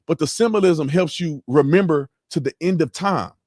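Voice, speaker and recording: A man hosting a casual livestream, talking in an animated, slangy way with lots of repeats. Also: a little high, moderate pace, no echo, studio quality. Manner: animated, repetitive, slangy, mimics sounds. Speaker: host.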